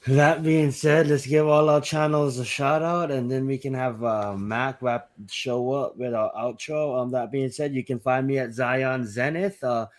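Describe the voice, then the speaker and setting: A man hosting a podcast, giving thanks in a halting way with lots of ums. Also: medium pitch, steady tone. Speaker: podcast host. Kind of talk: casual podcast outro.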